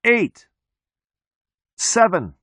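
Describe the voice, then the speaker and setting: An offhand police officer counts down in a high, clipped voice, as a man reading the story puts him on. The words come short and even. The recording is dry and close. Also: very slow, dry recording, full character voice. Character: offhand male cop counting down.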